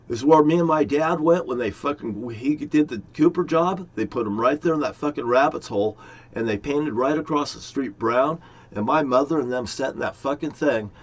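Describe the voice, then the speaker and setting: A middle-aged man talking in a rambling, aggrieved monologue to his viewers, swearing often. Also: a little high. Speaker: vlogger. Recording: dull lo-fi recording.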